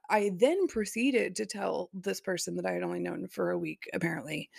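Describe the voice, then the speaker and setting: Woman podcaster telling her own story, chatty and incredulous, lots of fry in the voice. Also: medium pitch, darkish tone, no echo, studio quality. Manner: chatty, peppered with "like", laughs in disbelief. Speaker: podcast host. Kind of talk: casual personal storytelling.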